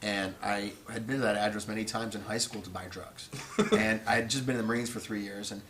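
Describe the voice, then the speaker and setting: A man's voice: lowish voice, a little fast, slight background noise. A man telling a funny story to a live audience, laughing and acting out the quotes. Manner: animated, laughing, acts out quotes. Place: stage before a live audience. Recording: loud audience laughter behind.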